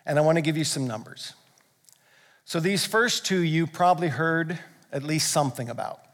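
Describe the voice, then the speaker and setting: A man's voice: a little high, normal speed, a bit bright. A male pastor preaching a sermon, earnest and building to fervent emphasis. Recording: long hall reverb.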